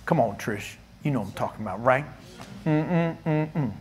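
A middle-aged male pastor preaching a sermon in a church, animated and teasing, playfully scolding his listeners. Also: mid-range voice, moderate pace, slight background noise.

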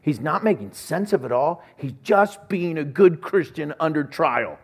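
A man's voice: a little high, lively intonation, unhurried, breathy edge. A man preaching a sermon as pastor, telling stories and acting out conversations. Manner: storytelling, acts out conversations.

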